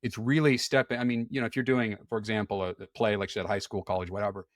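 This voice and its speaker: A man's voice: on the low side, flat delivery, quick pace, dry recording, clean studio sound. A man talking as a podcast guest in candid, conversational chat. He is frank, often repeats words and restarts, and laughs easily.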